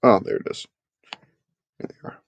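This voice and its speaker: A man hosting a casual live sports talk stream, chatting with his viewers and making animated, emphatic points. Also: moderate pace, no echo, dull audio.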